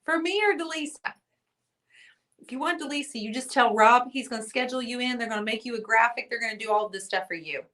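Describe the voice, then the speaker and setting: A woman with a slightly high, fairly bright voice talks fast while hosting a casual livestream. She's chatty and teasing as she reads viewer comments aloud.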